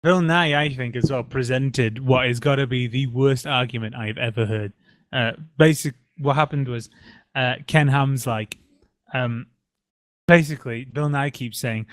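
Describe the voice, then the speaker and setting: A man chats on a podcast, retelling stories and playing out what others said, with laughs in between. His pitch sits in the middle for a man. The sound is dry and close to the mic. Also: normal speed, no room sound. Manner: chatty storyteller, acts out quotes with laughs. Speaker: podcast co-host. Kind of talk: casual chat.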